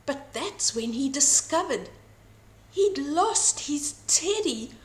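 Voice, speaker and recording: An older woman reads a children's bedtime story slowly and expressively. Her high voice rises and falls in a lively way, and the reading rings in a roomy, echoey room. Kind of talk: bedtime story read aloud. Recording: roomy echo.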